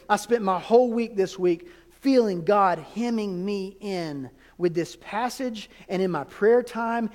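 A man with a high voice preaches a sermon, leaning on rhetorical questions and pausing for effect. His words ring out with a long hall reverb. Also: darkish tone. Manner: emphatic preaching with rhetorical questions and dramatic pauses. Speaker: pastor.

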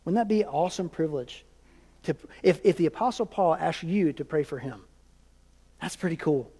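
A man preaching a sermon as pastor, in an animated, conversational way with quick asides. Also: on the high side, breathy edge, in a large hall.

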